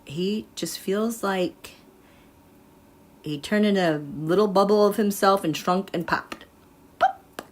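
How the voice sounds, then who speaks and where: A woman reading tarot cards live, chatting in an animated way and laughing often. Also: mid-range voice, measured pace, pauses often, a little hiss or hum. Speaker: tarot reader.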